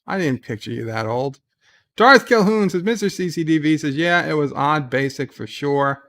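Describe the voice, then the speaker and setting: A man's voice: on the high side, lively intonation, normal speed, fairly bright tone. A man hosting a casual livestream from bed at home, reading viewer comments aloud and chatting about them with frequent fillers and restarts. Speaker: livestream host.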